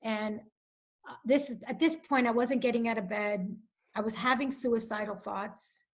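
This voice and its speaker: Emotional middle-aged woman, raised pitch. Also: steady tone, measured pace, creaky. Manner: emotional, rambling, with restarts and frequent "like". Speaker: guest author. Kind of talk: personal testimony in a podcast interview.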